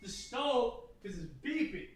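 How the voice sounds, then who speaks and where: A man's voice: extremely high pitch, very animated, measured pace, noisy background. A man streaming, chatting casually as he reacts to a video, rambling and stumbling over himself in a self-mocking way. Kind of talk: casual chat.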